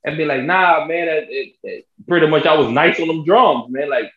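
A young man tells lively stories on a sports podcast, jumping into high voices to act out what others said. His voice sits a bit high and sounds roomy and dull. It has a lo-fi, echoey edge. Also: moderate pace. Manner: animated storyteller, acts out quotes in a high voice. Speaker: podcast co-host. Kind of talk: casual sports podcast chat.

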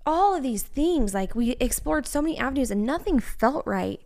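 A woman's voice: sits high, lively intonation, moderate pace, darkish tone. A woman in her thirties co-hosting a podcast, talking candidly and personally, with lots of "like" in her casual chat. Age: 30s. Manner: chatty, heavy use of "like", candid and personal. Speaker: podcast co-host.

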